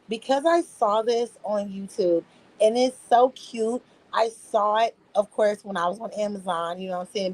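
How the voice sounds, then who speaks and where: A young woman chats on a home livestream at an unhurried, drawling pace. Her talk is relaxed and full of slang, and she keeps answering her viewers directly. She sounds like she is talking into a phone mic. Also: medium pitch, low-quality recording. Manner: laid-back, slangy, talks back to chat with laughs. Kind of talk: casual livestream chat.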